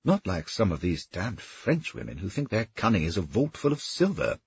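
A man voicing a coarse, boastful veteran knight who bellows and scorns, with a husky voice. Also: sits low, huge pitch swings, normal speed, a little mellow, muffled recording, exaggerated voice.

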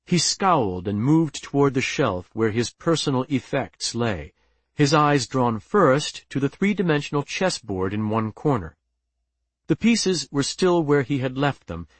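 A man's voice: mid-range voice, lively intonation, measured pace, dry recording. Man narrating an audiobook, dry sound. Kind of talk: scripted narration.

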